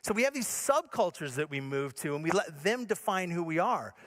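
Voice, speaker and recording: High-voiced pastor from Michigan preaching earnestly. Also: male voice, lively intonation, a little fast. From Michigan, USA. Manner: earnest, moving from emphatic to soft and low. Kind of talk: sermon.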